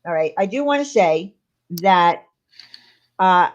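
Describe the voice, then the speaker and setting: A woman's voice: on the low side, lively intonation, takes it slowly, lo-fi sound. A woman hosting a casual livestream, talking in a rambling way with lots of fillers and restarts. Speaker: channel host.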